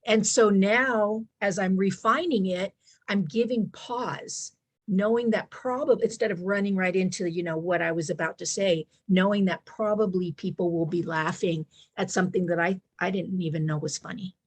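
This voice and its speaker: A woman speaker reflecting on her own talks during a group call, pausing as she thinks. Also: mid-range voice, fairly even intonation. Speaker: speaker sharing experience. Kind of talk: casual group call chat.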